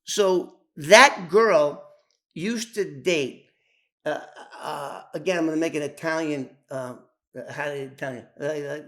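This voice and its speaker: A man's voice: fairly high pitch, fairly bright tone. A man telling an old story in casual, profane, rambling talk full of restarts and asides. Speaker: former informant telling his story.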